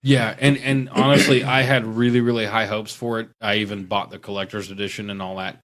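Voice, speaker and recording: A man chatting casually on a podcast about wargaming, talking in a rambling, animated way. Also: on the low side, fairly quick. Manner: rambling, animated, mocking impressions. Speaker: podcast guest; tattoo artist.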